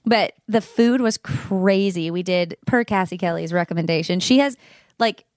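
A young woman chatting casually as a guest, animated and playful, often laughing and putting on mock voices. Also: fairly low pitch, moderate pace, no echo, studio quality. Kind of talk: casual chat.

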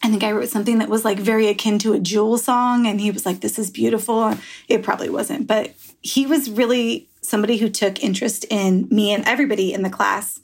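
A woman's voice: medium pitch, steady tone, quick pace, a little mellow. A woman author in a candid podcast interview, talking frankly and rambling through stories with easy laughs and the odd swear. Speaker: author guest.

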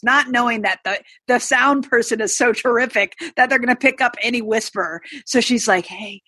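A woman co-hosting a casual chat, talking in a meandering way with frequent pauses. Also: fairly high pitch, lively intonation, bright, forceful tone, husky, no room sound. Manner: meandering, many fillers and restarts. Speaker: podcast co-host.

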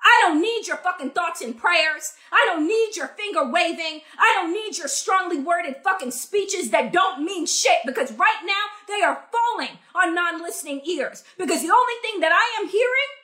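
A woman's voice: very high voice, lively intonation, moderate pace, few pauses, bright, forceful tone. A young adult woman from the United States delivering an angry, profane, sarcastic political rant with heavy emphasis. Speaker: political commentator.

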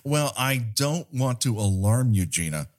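A man's voice: medium pitch, expressive, a little slow. Playful showman podcast host, man. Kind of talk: casual podcast chat. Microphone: microphone on a boom arm.

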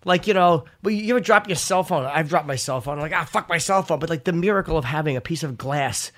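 A man's voice: fairly high pitch, fast talker, fairly bright tone. Profane rambling podcast host, a man. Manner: rambling, profane, self-deprecating. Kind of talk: casual podcast chat.

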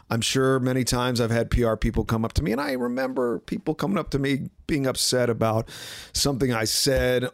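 Guy on a sports podcast, sarcastic and lively, dry close mic. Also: medium pitch, no room sound. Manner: animated, sarcastic, mimics others in quoted asides. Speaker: podcast host. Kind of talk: casual sports betting commentary.

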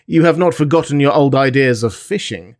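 A man's voice: mid-range voice, a little fast, close to an everyday voice. A man reading the part of a learned professor in an audiobook, inquiring and explanatory.

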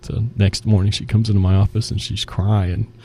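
A man's voice: lowish voice, moderate pace, husky. A man, a restaurant executive guest in a casual interview, telling work stories and acting out the dialogue. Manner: animated storyteller acting out quoted dialogue.

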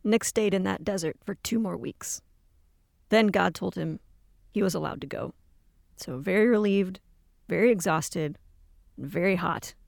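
A narrator reading a scripted devotional segment in a calm, reflective, inviting way. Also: mid-range voice, creaky, no room sound, studio quality. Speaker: program narrator.

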